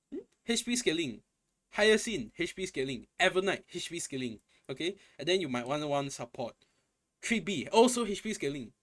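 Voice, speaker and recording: A man's voice: fairly high pitch, a bit bright. A young man ranting in a casual gaming commentary, exasperated and profane, often repeating and restarting his phrases. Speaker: gaming content creator.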